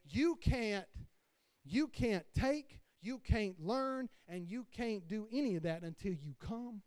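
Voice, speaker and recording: A male pastor with a high, slightly mellow voice preaches passionately, calling out questions to his congregation in a call-and-response style. There is no room sound.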